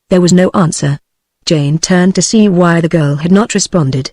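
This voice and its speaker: A synthetic British English woman's voice reading a novel aloud in an even, machine-read delivery. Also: fairly low pitch, moderate pace, no echo, clean studio sound. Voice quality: flat, even text-to-speech delivery. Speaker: audiobook narrator. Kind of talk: synthesized audiobook narration.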